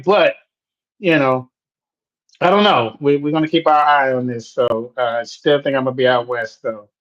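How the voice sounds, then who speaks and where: A man from D.C. co-hosting a podcast, talking in a chatty, animated, casual way. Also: mid-range voice, normal speed. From Washington, D.C. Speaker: podcast co-host. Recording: dull lo-fi audio.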